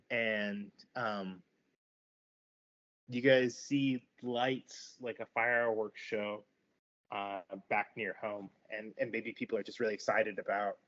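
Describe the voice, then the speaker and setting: A man narrating a tabletop game as game master, in a halting way with many fillers. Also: on the low side, a bit bright. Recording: dull lo-fi recording.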